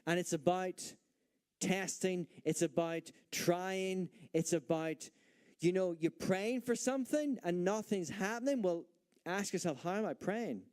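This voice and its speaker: Male pastor, sermon delivery, emphatic with rhetorical questions, slightly higher voice. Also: measured pace, a little mellow, clean tone. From Northern Ireland. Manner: emphatic preaching with rhetorical questions and acted-out doubts.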